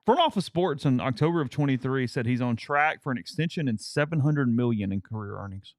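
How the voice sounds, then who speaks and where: A man in the middle of the pitch range whose voice moves a lot as he talks, conversational and sometimes restarting his sentences. The sound is dry and close. He is co-hosting a casual sports talk show. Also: lively intonation, a little fast, no room sound. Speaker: co-host.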